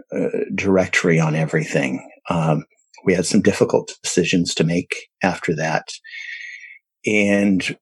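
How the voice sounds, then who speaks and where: A man telling a personal story about fertility struggles and adopting, halting often with fillers and restarts. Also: low-pitched, husky, no echo, poor audio. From San Diego area. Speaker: adoptive parent sharing his story.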